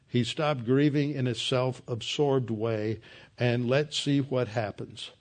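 A man teaching an expository Bible sermon in an emphatic, earnest manner, with an average pitch for a man. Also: fairly even intonation, slow, a little mellow. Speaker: preacher.

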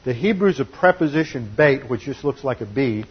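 Male pastor, expository sermon, husky tone, dull lo-fi recording, methodical point-by-point teaching. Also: mid-range voice, brisk. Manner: methodical teaching, numbered points, steady emphasis.

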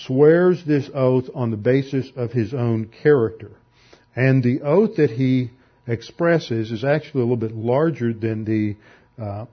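A man teaches a Bible lesson in a measured, methodical way, working through grammar point by point. His voice is slightly husky, and the recording sounds dull and lo-fi. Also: medium pitch. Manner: methodical, explains grammar step by step with restarts. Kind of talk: classroom lecture on scripture.

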